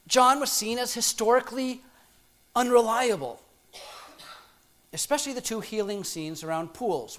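A man's voice: sits high, normal speed, fairly bright tone. A middle-aged man preaching a sermon in a conversational, playful way, with frequent ums and restarts.

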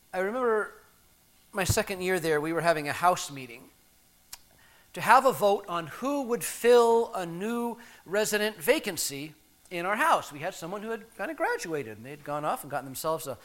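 A man in his fifties preaching a sermon, reflective and measured with pauses. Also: sits high, big pitch swings, a bit bright. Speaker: pastor.

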